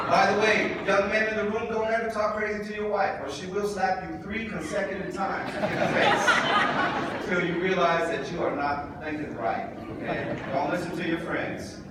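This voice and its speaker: A man with a fairly high voice speaks to a crowd in a big echoing hall, heard from some distance from the mic. He jokes and calls out to the audience like a preacher, and there is steady noise in the background. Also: moderate pace. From Pacific Islander. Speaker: speaker at community event. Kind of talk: public speech to an audience. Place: large indoor hall with audience.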